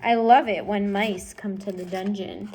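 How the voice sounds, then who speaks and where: A woman's voice: mid-range voice, steady tone, a little slow, darkish tone, slightly rough. A woman reading aloud and voicing a cruel old rat who gloats theatrically. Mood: gloating.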